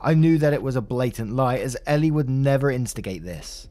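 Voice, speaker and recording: A man's voice: medium pitch, lively intonation, fairly quick, warm tone, faint music behind. A man narrating a Reddit story in a conversational way, adding his own asides.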